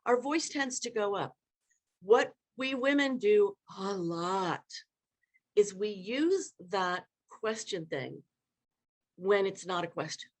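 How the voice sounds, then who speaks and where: A woman leadership coach speaks in a live online workshop, her pitch sitting in an ordinary middle range. She talks in an animated way and acts out different tones of voice as examples. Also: slow pace. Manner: animated, demonstrates vocal inflections.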